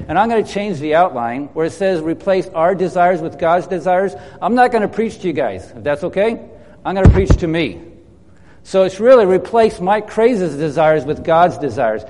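High-voiced preacher in a reverberant hall. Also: male voice, darkish tone, a little hiss or hum. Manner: emphatic, slows down on key phrases, leads the congregation in call and response. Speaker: pastor. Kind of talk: sermon. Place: church hall.

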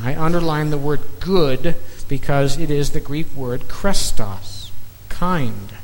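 Male pastor preaching, high voice, slow and emphatic, near-whisper drops, long hall reverb, faint noise. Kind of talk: sermon.

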